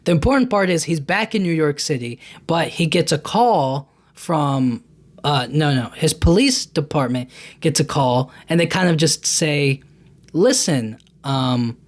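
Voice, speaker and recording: A man's voice: on the high side, measured pace. A man hosting a podcast, casually recapping a movie in a loose, rambling way with many restarts and fillers. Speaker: podcast host.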